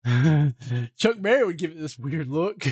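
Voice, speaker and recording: A man hosting a live stream, rambling and joking with his viewers. His voice sits a bit high for a man. He sounds close and dry, with no room sound around him. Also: lively intonation, a little slow, darkish tone, husky, no room sound, highs cut off. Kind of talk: casual chat on a live stream.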